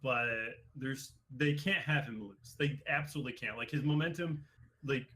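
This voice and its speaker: A young man hosting a casual podcast chat, running the segments and musing in a drawn-out way. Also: medium pitch, fairly bright tone. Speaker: podcast host.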